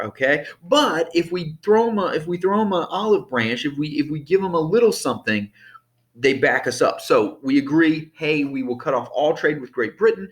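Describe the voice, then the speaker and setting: A man's voice: on the high side, a bit bright. A man teaching a history lesson over slides in an easygoing, conversational way, often checking in with the class by asking "okay?" and "all right?".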